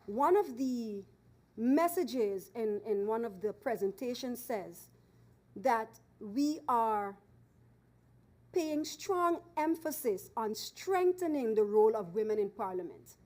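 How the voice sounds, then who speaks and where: A fairly high yet warm, mellow-toned woman speaks with a lilt. She addresses a parliament chamber in an earnest, emphatic way, leaning on key phrases and repeating words for force, close to a desk microphone. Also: animated, slow. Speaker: member of parliament. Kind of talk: formal parliamentary floor speech.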